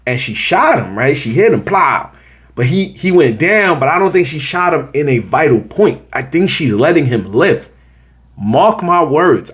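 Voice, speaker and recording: A young man hosting a casual show review, telling scenes in slang and acting out the characters' reactions. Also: medium pitch. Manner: slangy, animated storytelling with voiced reactions. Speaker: show host reviewing a series.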